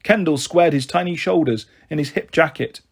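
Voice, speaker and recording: A man narrating a children's novel aloud in a steady, expressive reading. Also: a little high, normal speed, gravelly, slightly rough. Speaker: storyteller. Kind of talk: audiobook narration.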